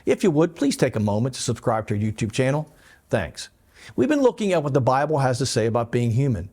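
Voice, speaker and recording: A man teaching a Bible lesson as pastor, explaining and animated, with light asides. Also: medium pitch, fast, slightly rough. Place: church.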